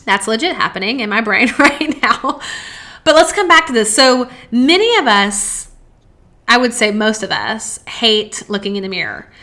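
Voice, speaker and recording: A woman hosting a self-help podcast, talking earnestly, slowing down to stress key phrases and posing strings of rhetorical questions. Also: on the high side, animated, sharp tone. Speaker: podcast host.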